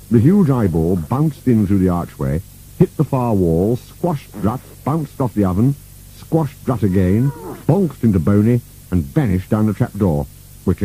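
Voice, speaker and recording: A man narrating a children's storybook with an expressive, playful reading. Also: deep voice, measured pace, a little hiss or hum, poor audio.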